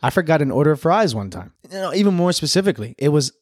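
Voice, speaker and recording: A man's voice: fairly high pitch, racing, no room sound, studio quality. A man co-hosting a casual podcast chat, telling stories from his job as a server and laughing often. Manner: storytelling, animated, laughs often. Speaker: podcast co-host.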